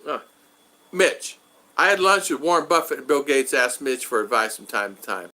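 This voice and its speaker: A man's voice: medium pitch, big pitch swings, normal speed, sharp tone. A man hosting a casual livestream, chatting loosely with viewers by name and often repeating himself as he rambles. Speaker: livestream host reading chat. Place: home in the Philippines.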